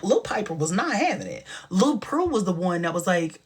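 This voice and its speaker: A young man hosting a casual livestream, chatty and animated, who laughs often and sometimes drops into a whisper. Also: high voice, measured pace, breathy edge. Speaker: livestream host.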